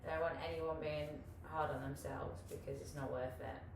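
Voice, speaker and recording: A woman with a low-pitched, creaky voice and fairly even intonation coaches a live online hula hoop class from a home room at a moderate pace. She's chatty and encouraging, swears casually, and laughs often, recorded in an echoey room far from the mic with faint hiss.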